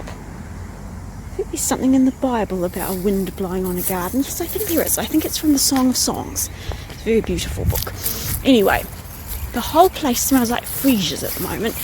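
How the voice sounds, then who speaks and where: A woman chatting casually in a vlog as she wanders her garden, rambling on and sometimes cooing at her pets in a high sing-song voice. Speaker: vlogger. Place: outdoors in a garden. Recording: outdoor noise with passing vehicles.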